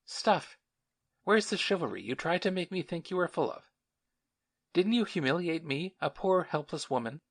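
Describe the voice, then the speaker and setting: A man voicing a stern, sharp-tongued spinster schoolmistress in an audiobook. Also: on the high side, lively intonation, moderate pace, voice pushed up. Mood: scolding. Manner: indignant, scolding.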